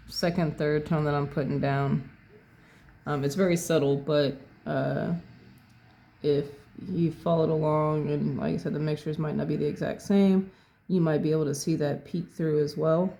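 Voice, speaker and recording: In a mid-range voice with a dark tone, a painting instructor narrates a tutorial. They work unhurriedly, thinking aloud one step at a time.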